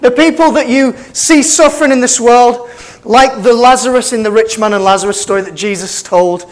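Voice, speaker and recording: A man's voice: extremely high pitch, normal speed. A middle-aged man, preaching a sermon as pastor with impassioned, building emphasis. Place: church.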